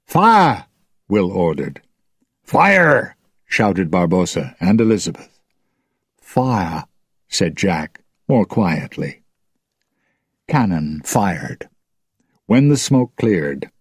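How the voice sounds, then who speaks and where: A man reading a story aloud slowly and clearly for English learners. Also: on the low side, a little mellow, no room sound, clean studio sound. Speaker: narrator.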